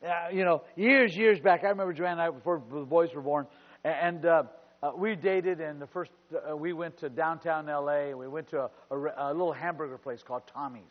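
Older male pastor, high-pitched, fervent sermon storytelling, booming hall echo. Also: fairly quick. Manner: fervent, storytelling, rising to loud exclamations. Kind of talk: sermon with personal stories. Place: church sanctuary. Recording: muffled church recording with long reverb.

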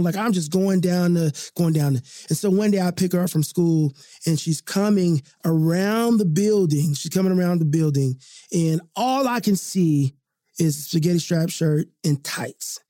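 A man's voice: high-pitched, warm tone, dry recording, studio quality. A man hosting a podcast, telling a reflective personal story in an earnest, confessional way, with frequent fillers and repeated phrases. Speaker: podcast host.

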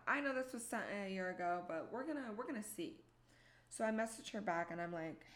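A woman's voice: mid-range voice, lively intonation, brisk. A young woman telling a personal story in a candid, profane, self-mocking way. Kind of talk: casual storytime monologue.

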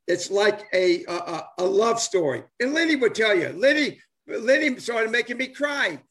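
A man's voice: sits high, very animated, normal speed, a bit bright. An older man, a former ballplayer talking casually and enthusiastically, rambling with many restarts and fillers. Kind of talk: casual chat on a live stream.

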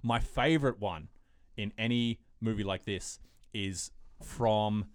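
Man, podcast host, deep-ish voice, dry close sound, excitable, rambling. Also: takes it slowly, dry recording. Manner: excitable, restarts often, rambling. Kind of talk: casual chat.

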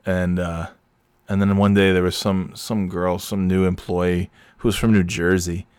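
Deep-voiced man ranting through a story. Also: level tone, measured pace, darkish tone, clean tone, no room sound. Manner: profane, rambling storyteller with frequent fillers; irritated, ranting. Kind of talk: rambling anecdotal monologue.

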